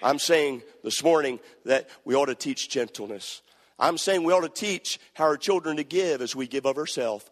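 A male preacher telling a story in a sermon, with folksy repetitions that rise to shouting. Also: medium pitch. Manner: folksy storytelling, repeats words, builds to shouting. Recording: long church hall reverb.

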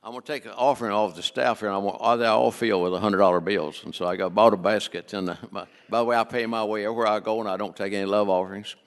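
A man's voice: on the low side, fairly even intonation, fast talker, few pauses, long reverb tail. An older man preaching a folksy, joking sermon on giving in a church, full of restarts. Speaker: guest preacher. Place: church sanctuary.

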